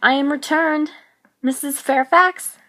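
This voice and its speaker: A woman voicing a shy, polite young governess who speaks softly. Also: sits high, unhurried, pitched above the performer's own voice.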